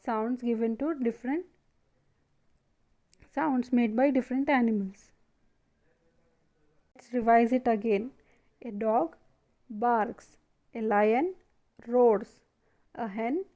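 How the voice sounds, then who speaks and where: A woman's voice: fairly high pitch, dark tone. A woman teaching a primary school lesson, asking questions and answering them herself. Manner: slow, asks and answers her own questions. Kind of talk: classroom lesson video.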